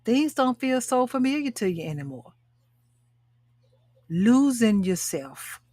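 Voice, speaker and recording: A woman's voice: sits high, sing-song, a little fast, a little mellow, no room sound. A woman in her sixties who hosts a live talk show and coaches other women. She speaks emphatically, repeating her phrases and calling out to her viewers. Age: 60s. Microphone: webcam or phone mic, live stream.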